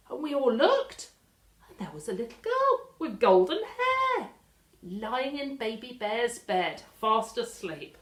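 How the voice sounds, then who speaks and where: Animated English woman telling a children's story. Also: a little high, slow. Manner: animated, with dramatic gasps. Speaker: library storyteller. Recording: echoey room.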